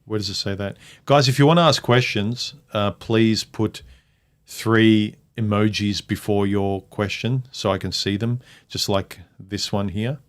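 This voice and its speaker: Man, livestream host, low voice, reads comments and reacts. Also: steady tone, measured pace. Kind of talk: casual livestream chat.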